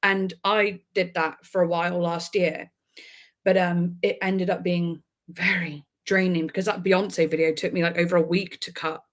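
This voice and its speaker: A woman's voice: on the low side, flat delivery, normal speed. A woman, a music reaction YouTuber, chatting casually and rambling on a livestream, laughing often.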